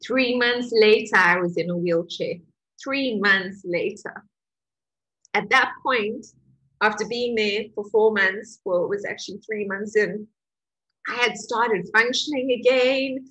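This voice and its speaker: A middle-aged woman who teaches a healing course, telling a personal story in an emotional, animated way with laughter. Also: mid-range voice, a little slow, slightly rough, low-quality recording.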